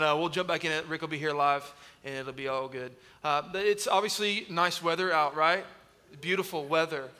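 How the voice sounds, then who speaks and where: A man in his thirties, executive pastor of student ministry, preaches a sermon full of humorous stories, acting out voices and shouting in an animated style. His voice runs on the high side, and the large church hall gives a long reverb.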